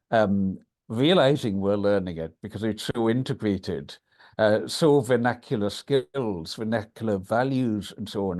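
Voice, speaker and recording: A Scottish man, a guest on a podcast, tells stories conversationally. He speaks in a somewhat low voice, and it jumps upward when he gets excited. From Scotland, Isle of Lewis. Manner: animated storyteller, pitch leaps when excited. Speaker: guest, writer. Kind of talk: conversational storytelling.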